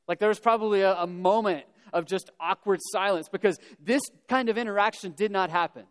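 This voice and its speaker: A pastor preaches a sermon, telling the story conversationally with casual humorous asides. His voice is high and clean, a little fast, and carries the long reverb of a large hall.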